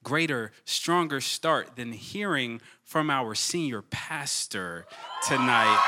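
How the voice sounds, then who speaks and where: A man introducing the senior pastor at a young adult service, telling his own story earnestly and then shouting for the crowd to welcome him. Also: medium pitch, lively intonation, normal speed, slight background noise. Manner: earnest, building to shouted hype. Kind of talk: stage introduction and testimony. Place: large church auditorium.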